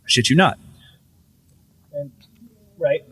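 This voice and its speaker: A man on a casual podcast call telling a ghost story, swearing freely and acting out the quotes with lively energy. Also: fairly high pitch, takes it slowly, husky, no room sound. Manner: profane, animated retelling with voiced quotes. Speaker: podcast guest. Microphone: video call.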